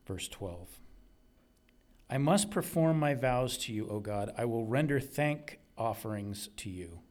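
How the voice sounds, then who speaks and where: A man's voice: medium pitch, expressive, a little slow, darkish tone. A man preaching a sermon, earnest and emphatic, repeating key phrases for weight.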